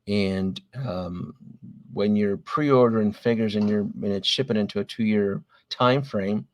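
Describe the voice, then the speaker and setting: A man with a lowish voice hosts a late-night livestream about collectible figures. He rambles casually, thinks out loud and apologizes to viewers for slip-ups. His tone stays loose and conversational. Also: measured pace.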